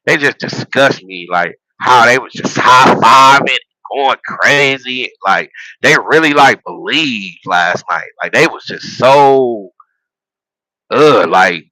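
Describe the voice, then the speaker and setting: A man ranting casually about football, animated and profane, laughing at his own jokes and repeating himself as he builds his points. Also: medium pitch, takes it slowly, no echo, low-quality recording. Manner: repeats phrases and restarts while building a point. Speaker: sports vlogger and football fan. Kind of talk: casual sports rant.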